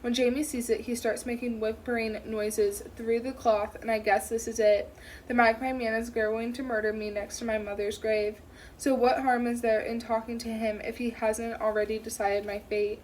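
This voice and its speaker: A woman narrating a first-person thriller audiobook in a tense, steady way. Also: a little high, normal speed, slight background noise, low-quality recording.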